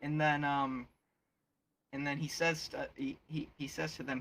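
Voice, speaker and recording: A young man casually retells a movie scene, rambling and stumbling over his words. His voice is bright and a bit forceful. Faint music plays behind him. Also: mid-range voice, little pitch movement, normal speed. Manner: rambling, many fillers and restarts. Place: online virtual world chat.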